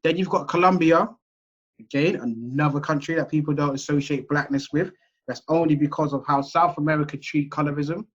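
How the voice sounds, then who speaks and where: An English man delivers a seminar lecture over a video call, talking in a relaxed, conversational way and often checking in with his audience. His voice has a slightly husky edge. The call audio sounds dull and muffled. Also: a little high, brisk. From England. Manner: conversational, chatty, checks in with listeners.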